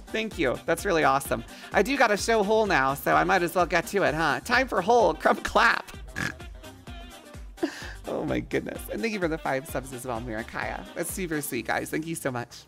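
A woman's voice: sits low, brisk, creaky, fairly bright tone, faint music behind. A woman streaming live in casual, playful chat, thanking viewers and joking crudely with frequent laughter. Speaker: livestreamer.

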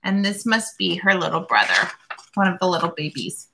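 A woman reading a picture book aloud, going slowly and stopping to describe the pictures. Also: lowish voice, vocal fry, bright, forceful tone, a little hiss or hum. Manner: slow and deliberate, pausing to describe the pictures. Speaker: reader.

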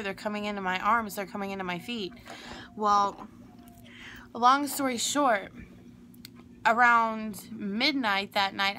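Young woman, bright voice, rambling storytelling, faint hiss behind. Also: medium pitch. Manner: rambling, digressive, emphatic. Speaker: vlogger telling a personal story. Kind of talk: casual storytelling to camera.

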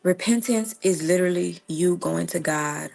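A young woman speaks in an earnest, conversational way, often checking in with "right?". Her voice sits a little low and has a gravelly, fried edge. It sounds like a casual devotional livestream. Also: normal speed, a little mellow, soft background music. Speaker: Christian livestream host.

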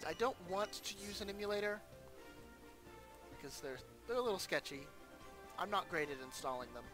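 A man's voice: high voice, expressive, a little fast, over music. A man hosting a let's play, giving casual gameplay commentary and thinking aloud with chatty asides.

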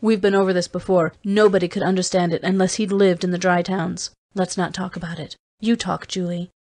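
A woman's voice: on the low side, flat delivery, brisk, darkish tone, dry recording. A weary, scarred spacer speaks in curt, clipped, bitter sentences, as an audiobook reader puts him on. He sounds tired of being pushed around.

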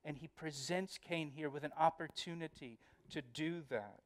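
A man's voice: fairly high pitch, moderate pace. A male pastor giving a verse-by-verse Bible study, earnest and emphatic, often repeating words as he explains.

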